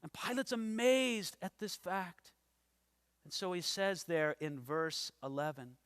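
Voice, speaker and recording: High, bright-voiced dramatic preacher. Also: male voice, slow, smooth. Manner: dramatic, acts out scripture characters, emphatic. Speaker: pastor. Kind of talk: expository sermon. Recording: long hall reverb.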